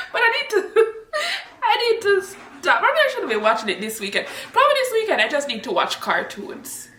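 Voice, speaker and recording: A Jamaican vlogger chats casually to her viewers from home, laughing easily, her high, bright voice swooping upward when she gets excited. She is recorded far from the mic in an echoey room with slight background noise.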